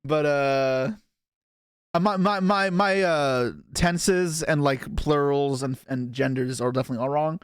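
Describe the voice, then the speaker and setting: A young man from Canada talking loosely on his live stream, rambling and poking fun at himself as he answers chat. His voice sits a little high for a man, and the sound is close and dry with no room around it. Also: a little slow, smooth, dry recording. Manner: rambling, self-deprecating, reading chat aloud.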